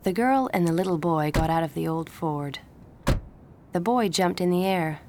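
A woman reading a storybook aloud at a slow, steady pace. Her voice sits slightly low with a gravelly edge, and a faint rumble sits under the recording. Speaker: audiobook narrator. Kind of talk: scripted storybook narration.

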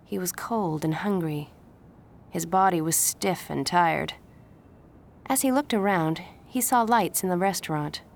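A woman reading a storybook aloud at a slow, steady pace. Her voice sits slightly low with a gravelly edge, and a faint rumble sits under the recording. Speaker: audiobook narrator. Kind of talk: scripted storybook narration.

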